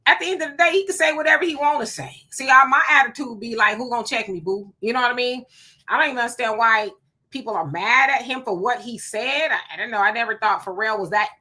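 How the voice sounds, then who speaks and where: A woman hosting a live talk stream, chatting casually and reading viewer comments aloud in an animated way. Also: a little high, quick pace. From California. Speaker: live show host.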